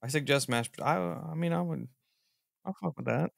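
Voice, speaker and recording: A man hosting a podcast in casual chat, teasing and incredulous, with lots of animated reactions. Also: a little high, normal speed, vocal fry, no echo, studio quality. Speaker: podcast host.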